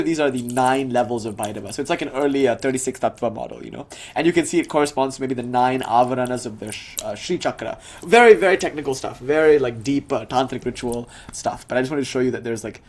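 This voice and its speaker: In a medium-pitched voice, a young man lectures casually on a spiritual tradition, reciting and explaining terms from a classical language.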